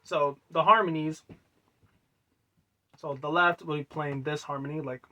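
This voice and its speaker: Bright-voiced casual young-sounding man. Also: on the high side, steady tone, a little slow. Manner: rambling, loose, with many fillers and trailing quiet asides. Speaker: musician explaining his own song. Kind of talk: casual music breakdown.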